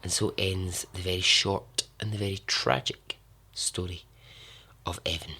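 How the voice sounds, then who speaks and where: A man hosting a podcast, telling true survival stories in a casual way, repeating words for emphasis and letting phrases trail off softly. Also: low-pitched, steady tone, a little slow, slightly rough. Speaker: podcast host. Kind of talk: casual storytelling narration.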